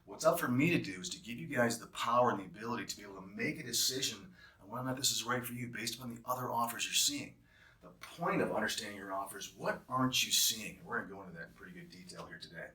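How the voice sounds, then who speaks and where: A man's voice: fairly low pitch, fast talker, pushed and bright. A man walking travel nurses through a job offer, heated and emphatic as he breaks down the hourly pay. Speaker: travel nurse staffing recruiter. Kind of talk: explanatory walkthrough with a rant. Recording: roomy echo, distant mic.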